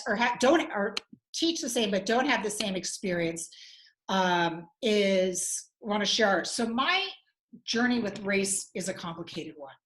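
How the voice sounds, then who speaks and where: A woman in her forties, a teacher hosting a community discussion, who talks in a halting way with many restarts. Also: mid-range voice, a bit bright, poor audio. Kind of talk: casual panel talk.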